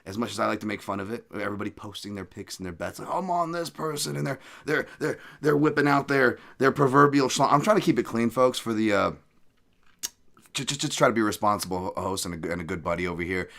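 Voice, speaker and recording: A man's voice: lowish voice, fast, creaky, a bit bright. A man hosting a podcast, rambling casually with jokes and profane asides. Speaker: podcast host.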